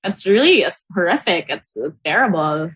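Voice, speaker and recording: A woman from the Philippines, telling stories as a podcast guest in a casual, animated way. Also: fairly low pitch, moderate pace, breathy edge. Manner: animated, laughs often, acts out quoted voices. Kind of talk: casual storytelling. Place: home.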